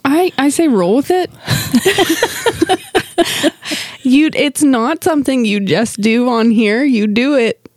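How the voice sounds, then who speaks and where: A woman's voice: sits high, slow, pauses often, darkish tone, no echo. A woman co-hosting a podcast in casual chat, upbeat and teasing, laughing often. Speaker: podcast co-host.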